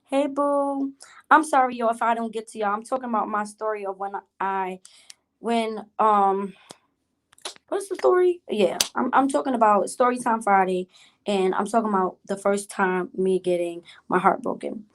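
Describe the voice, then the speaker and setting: A woman's voice: medium pitch, moderate pace. A woman hosting a casual storytime vlog, chatty and repetitive, who keeps addressing her viewers directly and greets live chat mid-story. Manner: chatty, repeats herself, addresses viewers as y'all. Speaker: vlog host telling a story.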